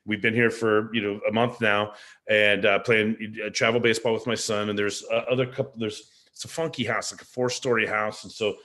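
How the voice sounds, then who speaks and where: A man's voice: lowish voice, level tone, brisk, sharp tone. A middle-aged man hosting a casual live stream over a video call from a rented house, chatty and digressive in an upbeat way. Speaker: host. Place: rented four-story house.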